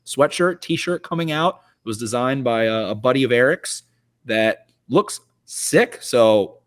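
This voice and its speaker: A man's voice: mid-range voice, lively intonation, a little slow. Baltimore guy, young, loose jokey podcast co-host riffing on football. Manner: joking, boisterous, swears freely. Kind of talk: casual sports chat.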